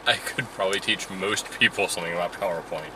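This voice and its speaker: A tired man answers in short, dry remarks, yawning between them. His voice sits low and comes from a distance from the mic, and clear street and traffic noise runs behind him. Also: fast talker. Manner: dry, brief replies. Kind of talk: casual chat. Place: car and outdoors.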